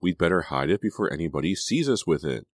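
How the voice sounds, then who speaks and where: A bold, scheming teenage girl, as a deep-voiced man puts her on for an audiobook. She sounds pushy and eager, her lines lifted well above his low natural register. The sound is dry and close. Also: lively intonation, fast, no echo. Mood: urging.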